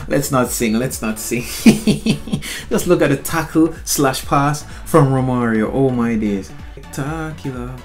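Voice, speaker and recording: A young man, excitably commentating his own football gameplay in a slangy, chatty way, talking straight at the screen. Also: medium pitch, slow, faint music behind. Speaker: gaming channel host.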